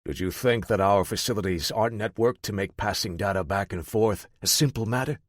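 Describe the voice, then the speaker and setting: A man voicing a menacing male crime boss who speaks slowly and deliberately. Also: fairly low pitch, no echo, clean studio sound, natural voice. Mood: cold.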